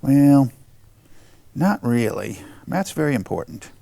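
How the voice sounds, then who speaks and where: A man's voice: mid-range voice, sing-song, slow pace, gravelly, mellow, no room sound. A man hosting a show, patiently asking a child encouraging questions and repeating back the answers. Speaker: show host interviewing a child. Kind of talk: friendly interview chat.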